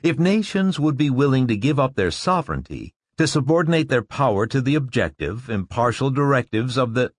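A man's voice: mid-range voice, sing-song, a little fast, hardly any pauses, dry recording, studio quality, voice pushed up. A man reading a story, voicing a confident male school director who lectures a class in a declamatory way. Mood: lecturing.

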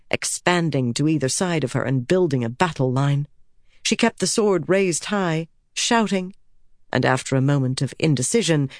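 A woman narrating a fantasy battle scene with steady storytelling delivery. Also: deep voice, dry recording, clean studio sound. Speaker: audiobook narrator. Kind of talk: scripted narration.

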